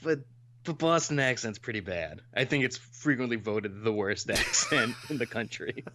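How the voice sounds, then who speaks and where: A man's voice: mid-range voice, lively intonation, moderate pace, background noise. A man co-hosting a podcast in casual chat, talkative and explaining in long runs. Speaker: podcast co-host.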